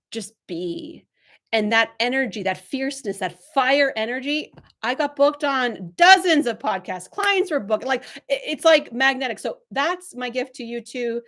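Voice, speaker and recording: A woman's voice: a little high, fairly bright tone. A woman working as a spiritual business coach, leading a live channeling and coaching session and encouraging viewers effusively and directly.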